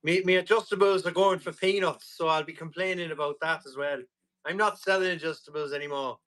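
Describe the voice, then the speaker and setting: A man with a slightly high-pitched voice hosts a live tool auction. He talks in a chatty, jokey salesman patter, reading out bids and bantering with viewers. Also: steady tone, a little fast, a bit bright.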